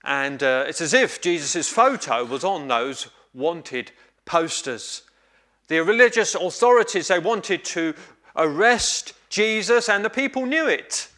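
A man preaching a sermon, telling a story in a measured, reflective way with pauses. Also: sits high, sing-song, pushed and bright.

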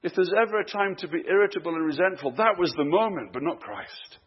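A man preaching a sermon, moving between hushed, slow emphasis and raised, urgent questions to his listeners. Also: sits high, slightly rough, muffled recording.

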